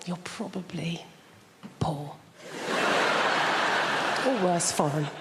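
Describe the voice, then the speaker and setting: A woman's voice: lowish voice, extremely slow, long reverb tail, heavy background noise. A woman performing a stand-up routine on a large theatre stage, dry and self-deprecating with hesitant fillers. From England. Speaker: stand-up comedian. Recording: live theatre with a loud audience.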